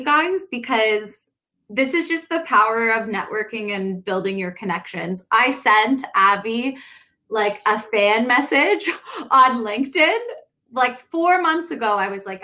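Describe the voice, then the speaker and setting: A woman's voice: a little high, pushed and bright. A woman co-hosting a webinar, enthusiastically introducing the guest in a chatty way. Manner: bubbly, enthusiastic, says "like" and "guys". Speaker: co-host introducing the speaker. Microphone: online video call.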